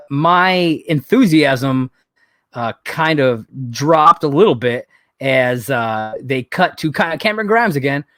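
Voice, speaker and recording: A man's voice: mid-range voice, fairly bright tone, no room sound. Profane, exasperated male podcast host, dry sound. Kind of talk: casual wrestling recap chat.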